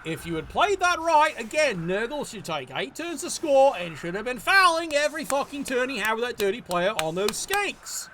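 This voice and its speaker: A man's voice: extremely high pitch, big pitch swings, moderate pace, music in the background. A man giving live play-by-play commentary on a game, profane and exasperated, scolding the players.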